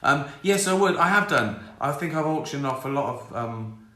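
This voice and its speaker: A man's voice: fairly high pitch, lively intonation, moderate pace, sharp tone. A man in his sixties chatting casually on a live stream, rambling and mocking himself as he answers viewer questions. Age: 60s. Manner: rambling, self-mocking, chuckling. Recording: roomy echo.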